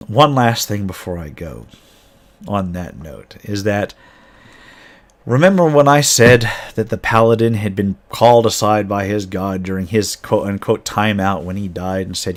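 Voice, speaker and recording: A man game master casually retelling a tabletop campaign, rambling with frequent restarts. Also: on the low side.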